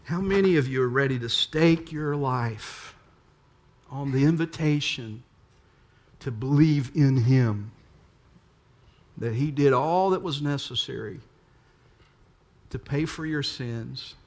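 A man's voice: medium pitch, slow pace, pauses often. A man preaching a sermon, full of rhetorical questions to the congregation. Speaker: pastor.

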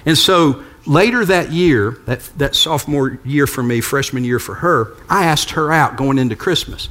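An older male pastor delivers a sermon in a conversational, storytelling way, slipping in light humor. His voice sits somewhat high for a man. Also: animated, normal speed, hardly any pauses, a bit bright.

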